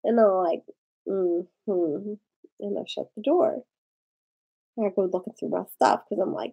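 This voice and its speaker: A woman vlogger telling a personal story in a rambling, halting way, tipsy and tearful. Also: on the high side, expressive, gravelly, warm tone, breathy edge, rough recording. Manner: rambling, halting, with frequent fillers and swearing. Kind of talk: casual confessional storytelling.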